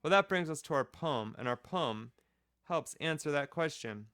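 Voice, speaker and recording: A man's voice: fairly high pitch, expressive, normal speed, a bit bright, dry recording, clean studio sound. A man teaching a children's music class, patiently explaining rhythm step by step and counting off the beat.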